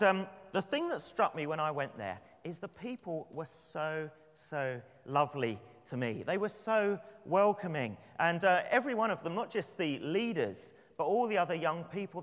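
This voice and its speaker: A man from London with an English accent, preaching a sermon and telling personal stories in a relaxed, conversational way. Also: sits high, moderate pace, hardly any pauses. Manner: conversational, anecdotal, with light laughs. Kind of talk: sermon with prayer and storytelling. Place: church. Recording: long church reverb.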